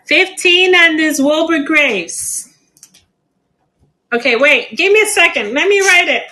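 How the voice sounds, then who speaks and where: A woman's voice: sits high, expressive, measured pace, bright, forceful tone, a little hiss or hum, low-quality recording. A middle-aged woman hosting a live plant sale stream, chatty and laughing often.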